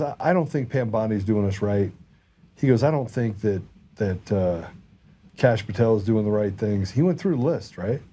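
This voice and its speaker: A man's voice: mid-range voice, slight background noise. A man hosting a podcast, chatting casually and telling a story with acted-out dialogue. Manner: animated storyteller, acts out dialogue. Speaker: podcast host.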